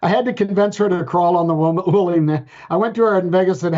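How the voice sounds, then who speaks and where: A man's voice: high-pitched, a little mellow. Joking male podcast co-host, lo-fi. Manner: playful, joking, quick restarts. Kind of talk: casual chat. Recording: dull lo-fi sound.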